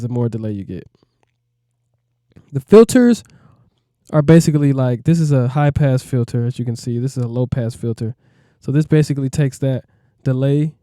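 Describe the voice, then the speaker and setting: A man's voice: mid-range voice, mellow, smooth, no echo, studio quality. A man, a music producer, walking through a plugin in a laid-back, rambling way, often asking "you know what I mean". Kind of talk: casual tutorial walkthrough.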